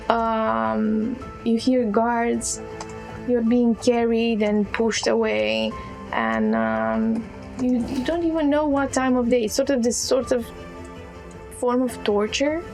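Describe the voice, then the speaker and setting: A woman narrating as game master of a tabletop game, pausing often with fillers and restarts. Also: a little high, gravelly, a little mellow, low-quality recording. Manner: halting, with many fillers and restarts.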